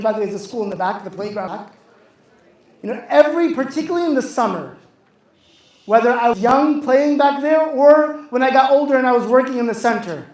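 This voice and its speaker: A man telling a religious story to young people, speaking with passion, repeating phrases and asking the audience questions. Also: very high-pitched. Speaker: youth speaker. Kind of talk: religious talk to a youth audience. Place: youth center hall. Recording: echoey hall.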